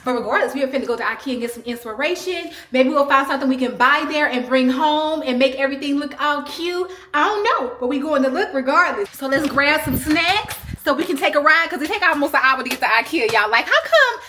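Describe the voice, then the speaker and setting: A young woman chats to her viewers in a high, bright voice. Her pitch swings widely as she talks, and she speaks. The talk is casual vlog chatter. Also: fairly quick, few pauses. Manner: chatty, animated, says "y'all" often. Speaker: lifestyle vlogger.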